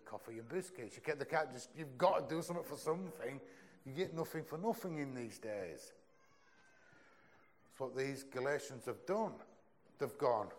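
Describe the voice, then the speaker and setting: A young man delivers a sermon in a chatty, earnest way. His voice sits at an ordinary mid-range pitch and often sinks low and soft when he presses a point home. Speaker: preacher.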